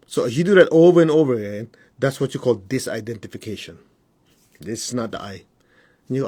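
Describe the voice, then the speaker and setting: A man who works as a spiritual teacher, giving a casual teaching on a live stream. He talks conversationally, keeps asking whether things make sense, and mimics his students in high voices. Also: expressive, a little fast, pauses often, warm tone. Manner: conversational, asks the audience whether it makes sense.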